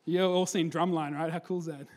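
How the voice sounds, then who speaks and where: Man, preacher, sermon, lively storyteller, slightly high-pitched. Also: a little fast, slight background noise. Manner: energetic storyteller, acts out quotes, drops to a hushed close.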